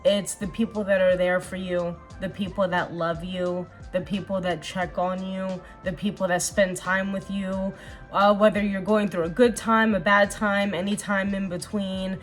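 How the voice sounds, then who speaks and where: A woman's voice: medium pitch, flat delivery, normal speed. Chatty young woman with faint music. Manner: chatty, earnest, rambling with fillers. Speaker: vlogger. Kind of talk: casual get-ready-with-me chat.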